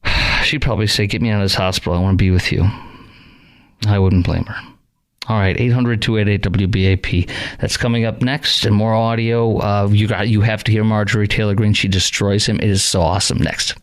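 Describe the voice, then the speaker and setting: A man hosting a talk radio show, ranting with rising anger and then settling into calm talk to callers. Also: on the low side, fairly quick. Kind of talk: opinionated talk radio monologue.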